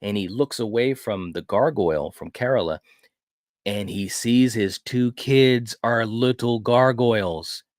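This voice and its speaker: This co-host has a medium-pitched voice and a slightly slow pace, captured at studio quality with no echo. Chatting casually about films, he retells a horror movie scene by scene in an eager, rambling manner.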